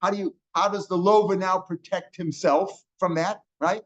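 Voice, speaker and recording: An older man teaching Talmud line by line, his voice sitting a little higher than most men's. He explains step by step, sprinkles in Hebrew and Aramaic terms and keeps asking "right?" The recording is dull and lo-fi. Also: fairly quick, few pauses. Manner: explanatory, checks in with frequent rhetorical "right?".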